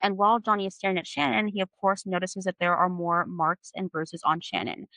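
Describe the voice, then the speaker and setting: A woman's voice: on the low side, steady tone, fairly quick, bright, forceful tone, no echo, rough recording. A woman hosting a podcast, recapping a novel in an analytical way with many "like" and "you know" fillers. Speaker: podcast host. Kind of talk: book recap discussion.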